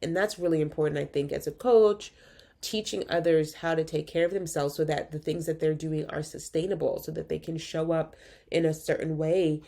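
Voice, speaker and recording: Congested woman with a low voice. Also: steady tone, normal speed, gravelly, dark tone. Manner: candid, reflective, informal. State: congested with a cold. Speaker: podcast host and physician coach. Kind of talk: casual solo podcast talk.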